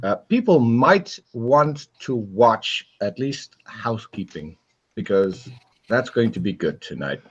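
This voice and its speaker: A man's voice: medium pitch, very animated, takes it slowly, slightly rough. Hesitant man on muffled stream audio. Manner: hesitant, stammers on restarts. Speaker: stream guest. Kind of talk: casual live-stream chat.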